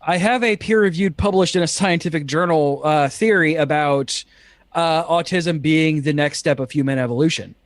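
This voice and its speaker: A man with a slightly high voice jokes his way through a casual podcast chat. He talks loosely with plenty of fillers. The recording is dry. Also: normal speed, no echo. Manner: loose, joking, many fillers. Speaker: podcast co-host.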